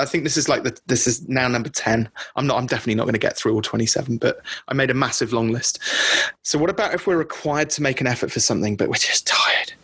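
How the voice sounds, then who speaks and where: A man's voice: mid-range voice, fairly bright tone, breathy edge, dry recording. A middle-aged man coaching business owners on a group call, in a conversational way that keeps checking in with the listeners. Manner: conversational, often checks in with "okay?".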